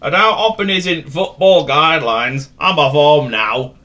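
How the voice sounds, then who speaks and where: A man voicing a clumsy, accident-prone male goat who wails in high, strained cries. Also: measured pace, sharp tone. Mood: flustered.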